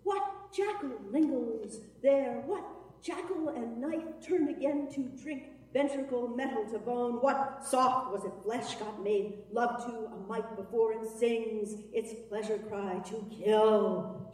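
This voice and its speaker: Woman performance poet, higher voice, incantatory delivery, heard from a distance in a very echoey hall. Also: slow, darkish tone. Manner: incantatory, chanting, sometimes half-sung. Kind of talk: dramatic spoken-word performance. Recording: reverberant hall, from far off.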